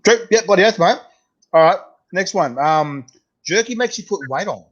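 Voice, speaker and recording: A man's voice: sits high, lively intonation, normal speed, fairly bright tone. A man with an Australian accent hosting a casual chat, laid-back and talkative, often saying "mate" and restarting his sentences. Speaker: host. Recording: muffled lo-fi sound.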